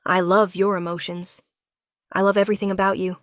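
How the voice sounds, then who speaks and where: A woman reading the lines of an adoring young male king in her own voice, speaking softly and earnestly in a storybook narration. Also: mid-range voice, flat delivery, a little fast, no room sound, clean studio sound, lightly acted. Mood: tender.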